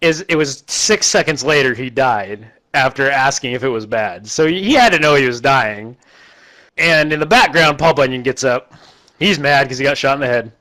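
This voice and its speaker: A man recapping a terrible movie in a casual, rambling, deadpan way, quickly putting on the characters' voices. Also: medium pitch. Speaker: host recapping a bad movie.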